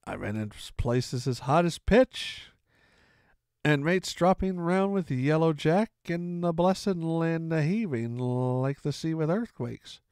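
A man voicing a sick, drunken old male sea captain who talks slowly in a gruff sailor's drawl for a storybook reading. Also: fairly high pitch, a little mellow, dry recording, clean studio sound. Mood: grumbling. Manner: slow, gruff sailor talk with heavy drawl. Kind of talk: audiobook reading.

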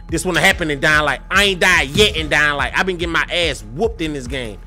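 Faint music plays behind this young streamer as he talks fairly quickly in a slightly high voice about his fighting game. He swears, trash-talks opponents and vents to chat, now and then bursting out loudly.

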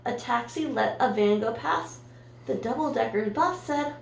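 A woman's voice: fairly high pitch, animated, normal speed, creaky, roomy sound, distant mic. A woman teacher reading a picture book aloud to her class in a storytime voice, gasping and asking the children questions. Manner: warm, sing-song, gasps and asks the listeners questions.

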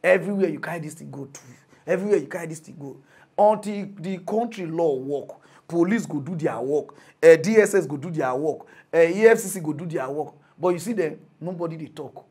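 A young man with a high, bright-edged voice delivers a comic rant in Nigerian Pidgin. He swings from muttering to shouting and keeps laughing at his own points, like a mock news commentator on a roll. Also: a little fast, breathy edge. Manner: excitable, laughing, big swings in loudness.

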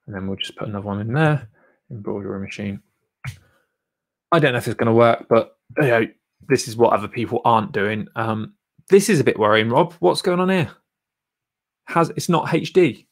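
A man's voice: mid-range voice, vocal fry. A man hosting a live stream, reviewing a viewer's channel in a rambling, encouraging way full of fillers. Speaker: YouTube channel coach and host.

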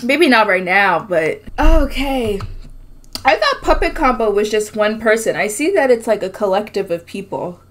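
A woman's voice: mid-range voice, lively intonation, moderate pace. A young woman playing a horror game on her channel, jumpy, exclaiming and swearing a lot, with nervous giggles. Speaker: gaming video host. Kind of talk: horror game let's play commentary.

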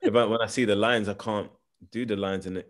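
A man with a London accent talks through his answers in an interview, thinking aloud and circling back with restarts. His voice sits very low. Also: steady tone, fast talker. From England. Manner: thoughtful, searching for words with restarts. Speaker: actor, interview guest.

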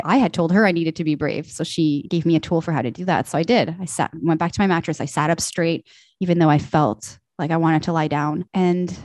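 Young woman, podcast guest; animated storyteller, slightly low voice, dry close sound. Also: no echo. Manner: animated, acts out quoted voices. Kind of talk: casual storytelling chat.

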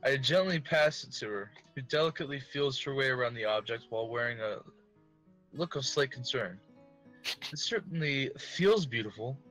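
Man, let's-play host, casual giggly game reading, bright voice, faint music. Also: medium pitch, brisk, low-quality recording. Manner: giggly, reads narration in a casual tone. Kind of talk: reading a visual novel aloud with joking asides.

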